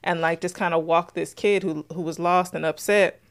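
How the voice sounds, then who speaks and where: A woman co-hosts a podcast in relaxed chat. Her voice sits fairly low, and she speaks earnestly, piling one point on top of the next. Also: normal speed. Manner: earnest, reflective, building an argument. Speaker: podcast co-host. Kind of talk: casual chat.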